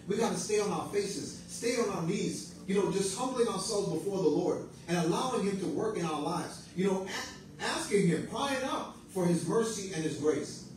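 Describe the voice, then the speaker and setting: A man with a high voice preaches a sermon, pressing his congregation with repeated phrases and calls for an amen. His voice rings through a very echoey church from a distance from the mic, over a faint hiss. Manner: exhorting with call-and-response amens and repeated phrases.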